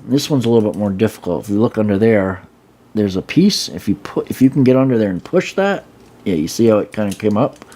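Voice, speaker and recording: Casual toy reviewer, man, low voice with a gravelly edge, loose and rambling. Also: a little fast. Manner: relaxed, rambling, many fillers and restarts. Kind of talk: casual hands-on product review.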